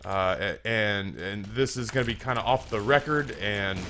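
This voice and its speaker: A man's voice: fairly low pitch, normal speed, pushed and bright, slight background noise, voice pushed down. A man voicing a cautious doctor who speaks hesitantly, as if sharing a secret. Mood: confiding. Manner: hesitant and confiding.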